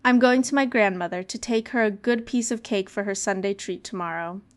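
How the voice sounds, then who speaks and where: Innocent, polite little girl for a fairy tale reading, read by a woman; clear and smooth. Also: medium pitch, brisk, close to an everyday voice. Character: cheerful trusting little girl.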